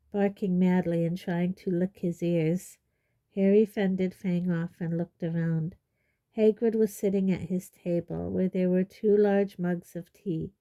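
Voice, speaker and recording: A woman narrating an audiobook in a steady storytelling manner. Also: fairly low pitch. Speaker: audiobook reader.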